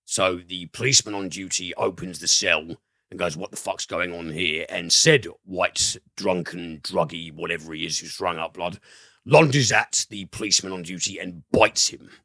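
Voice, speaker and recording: A man's voice: low voice, normal speed, creaky, bright, forceful tone, dry recording, studio quality. A man hosting a podcast, reviewing a film in casual, rambling chat with plenty of fillers and swearing.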